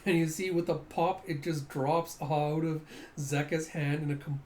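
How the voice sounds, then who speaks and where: A man reads through a comic for his audience, narrating the panels in a loose, excitable way. His voice sits a little on the high side, and he leans on filler like "you see" and "he's like." A faint hiss of noise sits under the recording. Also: a little slow. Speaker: comic reader. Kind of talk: casual comic readthrough.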